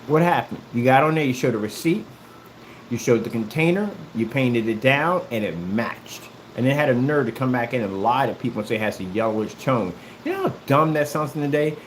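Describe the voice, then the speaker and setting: A man talks straight to his viewers in a heated, mocking rant. He is combative and circles back to the same points again and again, and his voice sits in a medium pitch. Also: roomy sound, a little hiss or hum, poor audio. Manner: repeats himself often. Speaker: YouTuber. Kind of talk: ranting callout video.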